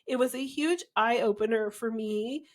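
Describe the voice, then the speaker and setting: A woman's voice: on the high side, unhurried. A woman co-hosting a podcast, talking emphatically and indignantly in casual chat. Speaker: podcast co-host.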